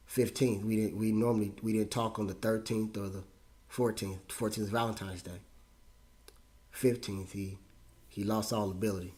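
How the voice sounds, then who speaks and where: Man in his forties, lowish voice, pastor storytelling, emotional with sudden high leaps. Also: darkish tone. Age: 40s. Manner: emotional, repeats himself, voice rises high when moved. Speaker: pastor and show host. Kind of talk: personal storytelling monologue.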